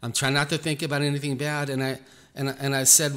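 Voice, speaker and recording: A man's voice: mid-range voice, level tone, fairly bright tone. Earnest man telling a story, echoey. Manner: earnest, halting, repeats himself. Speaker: Christian minister recounting an experience. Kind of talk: personal testimony storytelling. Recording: echoey room, faint music behind.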